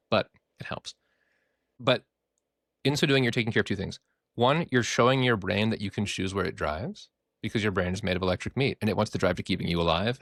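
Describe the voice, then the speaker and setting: Fast, lively low-voiced man. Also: vocal fry, dry recording, clean studio sound. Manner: animated, joking, acts out quoted voices. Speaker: therapist and podcast host. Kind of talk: casual podcast monologue.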